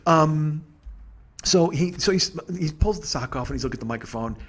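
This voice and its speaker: A husky-voiced man in his forties spins a rambling comedy story. He swears constantly and sounds exasperated, with his voice sitting a bit high for a man. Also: lively intonation, moderate pace, fairly bright tone. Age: 40s. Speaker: comedy podcast host. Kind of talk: storytelling monologue.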